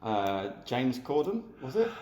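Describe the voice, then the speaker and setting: A man hosting a relaxed interview chat, laughing along and swearing casually. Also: mid-range voice, a little slow. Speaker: podcast host. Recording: roomy echo, faint noise.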